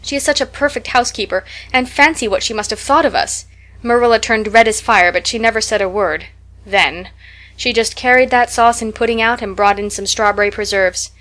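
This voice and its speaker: A woman's voice: on the high side, fairly quick, a bit bright, lightly acted. A woman voicing a talkative, imaginative young orphan girl who tells stories in a breathless, dramatic way. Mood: gushing.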